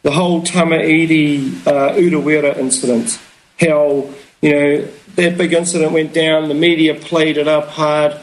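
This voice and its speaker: Rambling New man, slightly high. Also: little pitch movement, unhurried, poor audio. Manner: rambling, philosophical, many fillers. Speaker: guest. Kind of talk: casual conversation.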